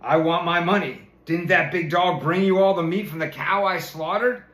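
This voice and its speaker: A man's voice: sits high, normal speed, a bit bright, pitched above the performer's own voice. Man reading as a stubborn indignant farmer, grumbling, storybook tale, roomy echo.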